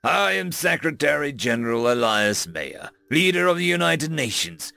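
A man playing a barking, gruff human leader. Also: a little high, sing-song, moderate pace, bright, forceful tone, no room sound, pitched above the performer's own voice, heavily acted. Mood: stern. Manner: barking, commanding. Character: gruff male human leader, middle-aged, hot-tempered.

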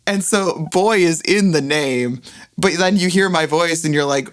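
A man's voice: on the high side, measured pace, clear, resonant tone. A man in his twenties who works as a voice actor, co-hosting a podcast in teasing, laughing casual chat. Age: 20s. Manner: teasing, laughing, animated banter.

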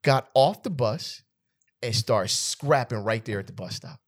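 A man's voice: mid-range voice, a little slow. A man, around his thirties, telling funny travel stories in a casual podcast chat, often laughing. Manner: animated, laughing storyteller. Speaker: podcast co-host.

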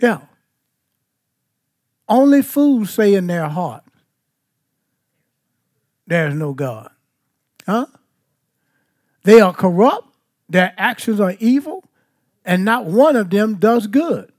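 A man's voice: high voice, sing-song, takes it slowly, long pauses, a little mellow. A man teaching a Bible study, asking the listeners questions and then answering them. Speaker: preacher.

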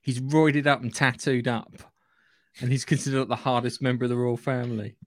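Man, podcast co-host, jokey casual chat, trails off, mid pitch, dry close mic. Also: fairly even intonation, fairly quick, no room sound.

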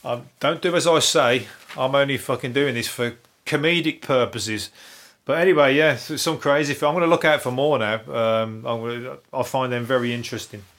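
A man with a broad Brummie accent talks alone into his new podcast microphone. He rambles from topic to topic, swearing freely and chuckling at his own crude jokes. His voice sits at an ordinary middle pitch. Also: a little fast, fairly bright tone. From Birmingham, England. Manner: swearing, chatty, laughing asides. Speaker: solo podcast host.

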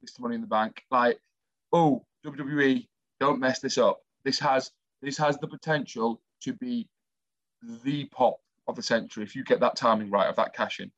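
A man's voice: mid-range voice, moderate pace, a bit bright, dry recording. Chatty man, dry dull sound. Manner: enthusiastic storyteller, chatty. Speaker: co-host, former athlete. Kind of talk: casual chat.

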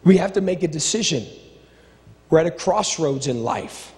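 A middle-aged male pastor preaching a sermon with impassioned, repetitive phrasing, swinging between stirring build-ups and low, quiet asides. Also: animated, normal speed. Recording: long reverb of a large hall.

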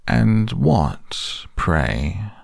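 A man's voice: on the low side, very animated, very slow, gravelly, no echo, clean studio sound, pitched above the performer's own voice, heavily acted. A man voicing a proud, cold and stern tall queen who speaks imperiously. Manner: imperious, haughty.

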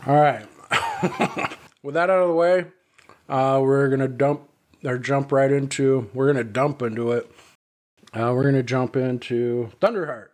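A man's voice: mid-range voice, fairly even intonation, unhurried, darkish tone. Rambling, profane male podcast host. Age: adult, married. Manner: rambling, profane, lots of fillers and restarts. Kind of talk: casual chat.

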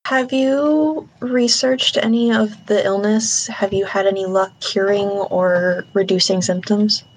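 A woman's voice: mid-range voice, steady tone, unhurried, husky, poor audio. A woman playing a tabletop game, asking direct questions. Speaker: player.

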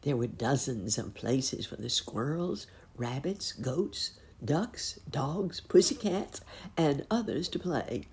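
Woman storyteller, very low, slow, lively read-aloud. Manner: gentle, expressive.

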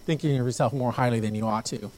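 A man preaching a sermon as pastor, telling stories with lively acted-out voices and repeating phrases as he goes. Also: mid-range voice, fast talker, a little hiss or hum, low-quality recording. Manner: animated storytelling, acts out quoted voices. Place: church.

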